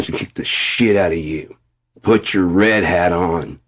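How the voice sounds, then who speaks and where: Fifty-something man, low and gruff, rambling foul-mouthed vlog rant. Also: a little slow. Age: 50s. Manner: heavy swearing, rambling, mutters low then flares up loud. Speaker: vlogger. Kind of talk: casual profane rant.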